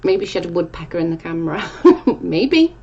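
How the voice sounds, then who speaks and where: A woman's voice: lowish voice, very animated, a little fast, warm tone, muffled recording, slight background noise. A young woman casually chatting on a live stream, reading viewer comments and rambling, with casual swearing.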